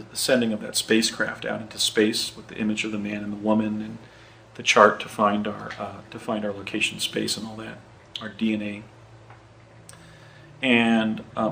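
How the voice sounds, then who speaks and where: A man in his fifties telling a personal story in casual speech, halting and often repeating words. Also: lowish voice, vocal fry, bright, forceful tone, a little hiss or hum, rough recording.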